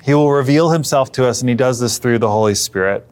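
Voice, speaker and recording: A man's voice: mid-range voice, fast talker, clean tone. A man preaching a sermon as pastor, in an earnest, conversational way, often restarting phrases and dropping to a near whisper at times. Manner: earnest, conversational, with frequent restarts and hushed asides.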